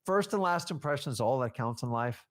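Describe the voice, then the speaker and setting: A man's voice: medium pitch, fairly quick. A man giving a casual coaching talk as a real estate trainer, acting out conversations with sellers. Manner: animated, acts out seller conversations.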